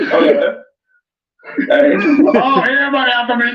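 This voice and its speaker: A man hosting a casual livestream and reading chat aloud, laughing often and breaking into loud excited exclamations. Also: very high voice, slow pace. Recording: echoey, distant, dull sound.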